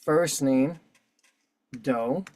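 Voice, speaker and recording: A man with a mid-range, darkish voice speaks extremely slowly while hosting an online meeting on a video call. He fills out a form as he explains it, in a casual way that's profane and combative.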